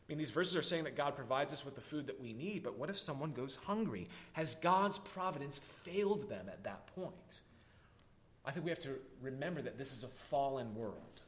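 A man preaching an earnest sermon as a pastor, slowing down to stress key words. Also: mid-range voice, animated, fairly bright tone. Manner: earnest preaching, slows down for emphasis.

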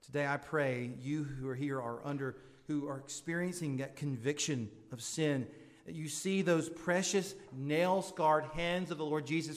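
A man's voice: steady tone, moderate pace. Fervent male preacher in a reverberant hall. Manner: pleading, rising to fervent high-pitched appeals. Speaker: pastor. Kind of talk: sermon. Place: church sanctuary.

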